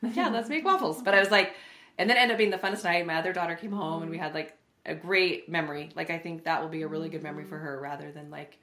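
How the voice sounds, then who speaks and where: A mother telling a family story in a quick, animated way during a casual podcast chat. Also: sits low. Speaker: podcast co-host. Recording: echoey room.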